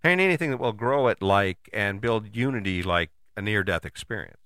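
A man giving a casual motivational talk, conversational and animated, with frequent rhetorical questions and the odd curse word. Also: lowish voice, fairly quick, no echo, clean studio sound. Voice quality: casual, swears freely. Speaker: motivational host. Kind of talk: motivational monologue.

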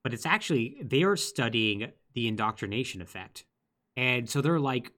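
A man co-hosting a podcast, telling a game's story in casual, lively chat with quick asides. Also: medium pitch. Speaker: podcast co-host. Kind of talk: casual chat recapping a video game.

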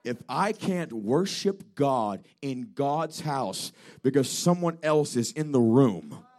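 A man's voice: medium pitch, very animated, slow pace, a little mellow. A man preaching a fervent, declamatory revival sermon as a traveling evangelist in a church. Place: church during a revival service.

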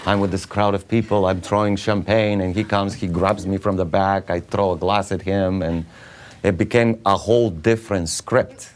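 Eastern European man telling lively stories. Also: deep voice, normal speed. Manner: laughs often, acts out voices in anecdotes. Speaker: actor guest. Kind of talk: animated storytelling.

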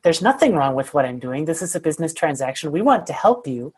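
A woman's voice: sits low, sing-song, quick pace, a little mellow, breathy edge. A woman guest on a podcast, telling a story in a candid, self-deprecating way with plenty of fillers. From United States. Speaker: guest, sales consultant.

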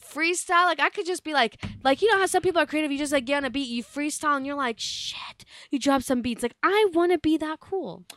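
A woman's voice: sits high, quick pace, few pauses, fairly bright tone, no room sound. A young woman co-hosting a podcast in casual chat, playful and giggly, swearing casually. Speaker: podcast co-host.

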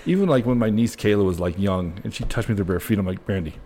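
A man's voice: fairly low pitch, lively intonation, fast, dark tone, a little hiss or hum. A man hosting a podcast in a bar, in loose, joking casual chat with swearing. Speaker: podcast host.

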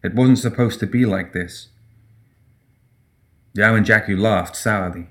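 A man with a low, deep voice reads a dark fantasy tale aloud. His delivery is steady and measured, in plain scripted narration.

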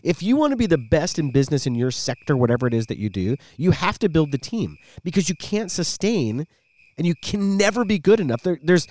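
Lively middle-aged man telling stories on a podcast. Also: on the high side, fairly quick. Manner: animated storyteller, former radio voice guy. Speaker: podcast co-host. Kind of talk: casual podcast chat.

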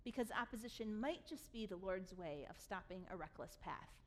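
A woman pastor giving a sermon, reading scripture aloud and retelling it in an animated storytelling way, laughing along. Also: medium pitch, normal speed, slight background noise.

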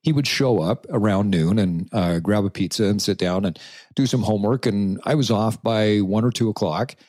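Low-voiced man telling a rambling story. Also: normal speed, no echo, clean studio sound. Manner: relaxed, rambling, frequent "uh" fillers. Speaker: podcast guest telling his story. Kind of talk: casual storytelling interview.

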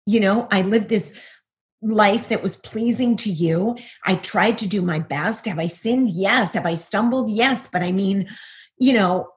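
A woman's voice: mid-range voice, measured pace. A middle-aged woman, a guest, giving a personal testimony over a video call, earnest and full of rhetorical questions.

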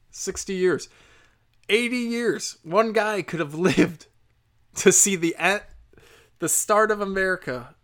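This speaker rants in a sarcastic, foul-mouthed comedic style. The pitch is in a middle range, and the voice jumps up high and loud for emphasis before dropping into low mutters. It sounds like an improvised solo monologue. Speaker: solo commentator. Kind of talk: profane comedic rant.

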